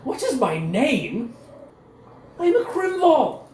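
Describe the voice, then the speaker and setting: A man voicing a proud, haughty male noble who talks high and shrill, sputtering with outrage, in a roomy recording. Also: huge pitch swings, slow, a little mellow, far from the mic, slight background noise, full character voice. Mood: outraged. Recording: roomy recording with faint ambience.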